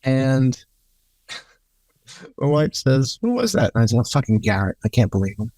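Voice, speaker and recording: A man's voice: medium pitch, moderate pace, dark tone, no room sound. A middle-aged man, a guest cinematographer, telling anecdotes in a casual interview and acting out the quoted lines. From New York. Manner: storytelling, swearing, acts out quotes.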